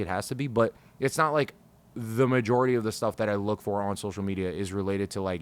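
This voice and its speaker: A man hosting a casual solo podcast, frustrated and scattered, talking in a rambling way and swearing freely, recorded on a studio microphone. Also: fairly low pitch. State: over-caffeinated, scattered. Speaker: podcast host.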